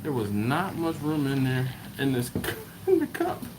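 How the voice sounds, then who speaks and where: A man's voice: mid-range voice, huge pitch swings, a little slow, background noise. A man hosting a casual live stream from home, greeting viewers by name and chuckling as he reads their comments. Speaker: barbecue livestream host.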